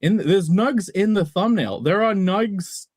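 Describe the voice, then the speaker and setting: Man co-host from England, animated and jokey, dry close sound, video-call feel. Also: high voice, a little slow, slightly rough, no echo. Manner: jokey, rambling, lively. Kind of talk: casual podcast chat.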